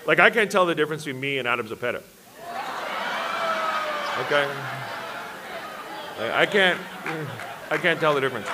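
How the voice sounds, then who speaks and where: A man's voice: fairly high pitch, expressive, normal speed, pauses often, a crowd in the background, background noise. A man preaching at a church worship service, telling self-deprecating, humorous personal stories to a congregation. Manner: self-deprecating, joking storyteller.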